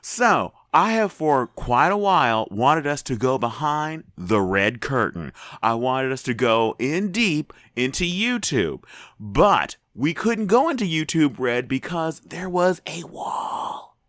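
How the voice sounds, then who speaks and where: Lively, bright-voiced male podcast co-host. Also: mid-range voice, slow pace, no room sound, studio quality. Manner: playful, laughs often, animated. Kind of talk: casual podcast chat.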